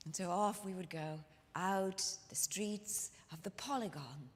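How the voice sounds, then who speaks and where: A woman's voice: on the low side, measured pace, few pauses. A woman storyteller telling a life story in the first person, in character, with a dramatic, intimate manner that speaks straight to the audience, performed live in a church hall. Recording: long hall reverb from a live room.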